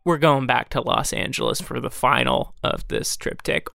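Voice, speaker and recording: A game master narrating a comedic tabletop game in an animated, playful way. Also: mid-range voice, moderate pace, creaky.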